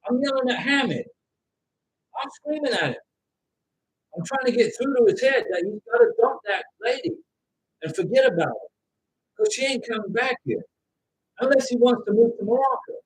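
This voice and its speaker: A middle-aged man hosting a casual livestream, loudly reading out viewer comments and giving advice, at times yelling. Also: very high voice, moderate pace, pauses often, a little hiss or hum, poor audio. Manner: loud, animated, at times yelling. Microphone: home microphone with interference noted by viewers.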